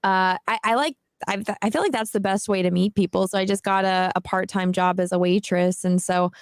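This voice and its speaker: A woman's voice: mid-range voice, fairly even intonation, brisk, smooth, no echo. Bubbly young woman, dry close sound. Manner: bubbly, chatty, lots of fillers. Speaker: guest, cosplay model. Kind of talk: casual live-stream chat.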